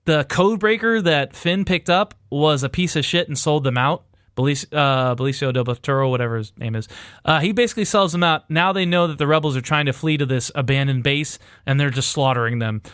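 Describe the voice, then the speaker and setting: A podcast host man rambles through a movie recap, cursing and joking. His voice sits a little high and comes across smooth and resonant. The sound is dry and close. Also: brisk, a bit bright, no room sound. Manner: rambling, profane, jokey retelling. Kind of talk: casual movie recap chat.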